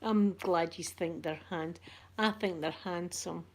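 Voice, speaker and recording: A middle-aged Scottish woman hosting a soft-spoken ASMR vlog, chatty and rambling, with local words like wee and yous. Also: lowish voice, slow pace. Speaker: ASMR channel host.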